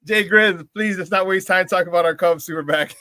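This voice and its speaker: A man with a high, bright, sharp voice hosts a live sports talk stream, bursting with hype and shouting catchphrases. He banters with viewers in the chat. The mic is close and dry, with no room sound. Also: brisk, no room sound. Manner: shouts catchphrases, loud and excitable. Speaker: sports talk show host.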